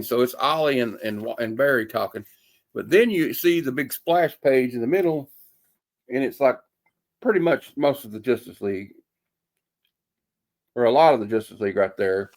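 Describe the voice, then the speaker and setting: Reviewing a comic in a loose, offhand way, a man with an ordinary medium-pitched voice wanders through his thoughts. He hesitates a lot with fillers and reaches for folksy expressions.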